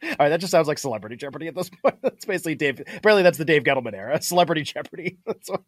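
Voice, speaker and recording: A man's voice: fairly high pitch, sing-song, rapid-fire, dry recording. A man co-hosting a sports betting show in casual studio banter, laughing easily and teasing playfully.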